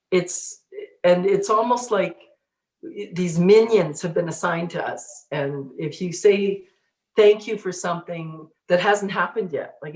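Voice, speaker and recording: A middle-aged woman, a spiritual teacher, telling her life story in a casual interview, animated and laughing often. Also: fairly low pitch, echoey room. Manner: animated, laughs often, acts out inner voices.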